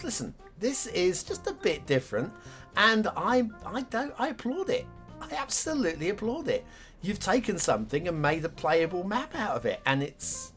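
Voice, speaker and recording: A man's voice: sits high, fairly bright tone. A man hosting a game map review show, chatting casually, joking and giggling as he talks over gameplay footage. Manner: chatty, giggly, jokey asides.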